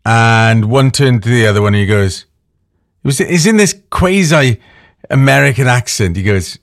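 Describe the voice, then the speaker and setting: A man's voice: mid-range voice, expressive, a little slow, no echo, studio quality. Chatty man hosting radio. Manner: chatty, anecdotal, thinks aloud with fillers. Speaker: radio host. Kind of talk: casual radio chat.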